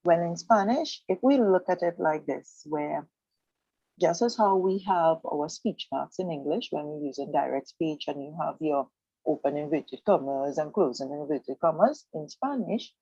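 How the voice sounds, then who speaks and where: A woman gives a language lesson on the radio, explaining with patience and saying words again slowly. Her voice sits low and mellow. The sound is dry, close and muffled. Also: animated, husky, no room sound. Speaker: Spanish teacher.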